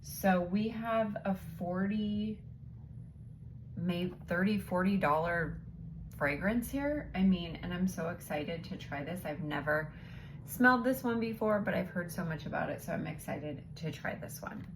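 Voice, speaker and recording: A woman's voice: lowish voice, unhurried, slight background noise. A woman vlogger chatting casually as she unboxes beauty samples, thinking aloud and now and then dropping into a whisper.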